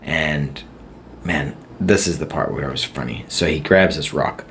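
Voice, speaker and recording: Deep-voiced man rambling through a podcast. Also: measured pace, fairly bright tone, a little hiss or hum. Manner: rambling, chatty, laughs at his own stories. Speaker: podcast host. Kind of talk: casual solo podcast storytelling.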